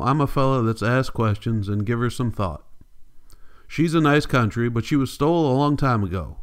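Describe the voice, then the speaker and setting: A man's voice: mid-range voice, clean tone, natural voice. A man doing a weary, bitter migrant farmer. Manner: blunt rural folk speech.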